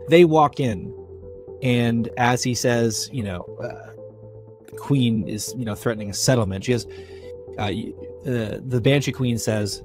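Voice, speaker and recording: A man's voice: medium pitch, a little slow, music in the background. Casual man narrating a tabletop game. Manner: casual, animated storytelling with fillers. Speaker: game master.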